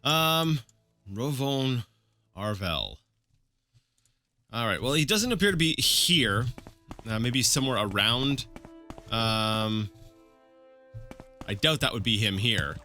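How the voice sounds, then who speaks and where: Let's play host, male, lively bright voice, meandering unscripted commentary over faint game music. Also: mid-range voice, slow pace, pauses often, no room sound. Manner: rambling, thinking aloud with many fillers. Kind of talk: casual gameplay commentary.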